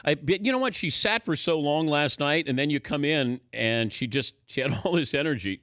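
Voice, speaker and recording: A man's voice: fairly high pitch, lively intonation, normal speed, few pauses, fairly bright tone, dry recording, studio quality. A man hosting a sports talk radio show, interviewing a guest with playful, joking questions.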